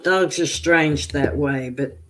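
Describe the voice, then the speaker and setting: Woman doing tarot on a live stream, talks real slow, chatty, rambles into stories between reading comments. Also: deep voice. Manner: chatty, reads viewer comments aloud and answers them; slow, meandering storytelling. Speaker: tarot reader on a livestream. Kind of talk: casual livestream chat.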